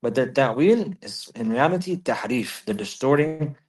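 A man giving a religious lesson, repeating key phrases for emphasis and reciting Arabic verses quickly. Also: mid-range voice, expressive, rough recording. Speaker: Islamic teacher.

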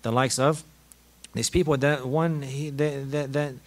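A man giving an earnest religious lesson on a classical text, repeating his points for emphasis and moving quickly into quoted Arabic passages. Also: mid-range voice, fairly even intonation. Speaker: Islamic teacher.

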